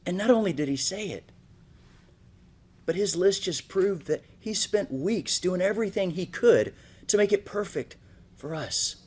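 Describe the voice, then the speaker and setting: A man's voice: sits high, lively intonation, a little slow, a little mellow, breathy edge. A man giving a motivational keynote, telling a story and often asking "right?". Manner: storytelling, asks frequent "right?". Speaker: motivational speaker. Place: speaking on stage at an event.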